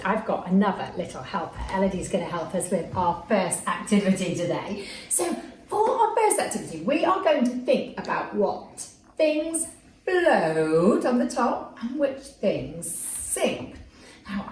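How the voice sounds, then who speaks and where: A woman teaching a lively class for young children, in a sing-song, encouraging way, calling out actions for them to copy. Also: medium pitch. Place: home room with a child helper. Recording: echoey room, mic at a distance.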